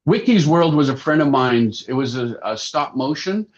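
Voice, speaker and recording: A man in his sixties, a puppeteer and actor, chatting through animated anecdotes as a podcast guest. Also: mid-range voice, moderate pace. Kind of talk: casual interview storytelling. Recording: slightly dull lo-fi sound.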